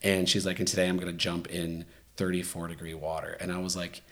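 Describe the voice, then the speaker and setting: A man with a fairly low voice chatting casually as a podcast host. He tells stories in an animated way, full of fillers and restarts. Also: fast. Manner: animated storytelling, many fillers. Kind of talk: casual chat.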